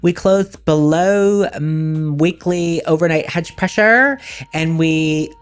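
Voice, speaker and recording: Stream host, a man on a high-pitch voice changer, unhurried, chatty delivery. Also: clean tone. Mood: relaxed. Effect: voice changer raising his voice.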